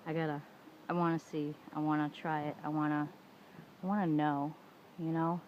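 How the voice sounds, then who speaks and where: A woman's voice: sits low, darkish tone. A middle-aged woman talking casually to the camera, venting frankly with lots of swearing and "you know"s, and acting out the arguments she quotes. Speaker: vlogger. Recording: dull lo-fi home recording with faint room noise.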